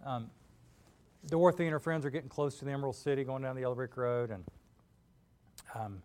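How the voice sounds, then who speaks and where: A man preaching a sermon in a conversational, candid way, animated as he retells stories. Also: mid-range voice, fairly quick.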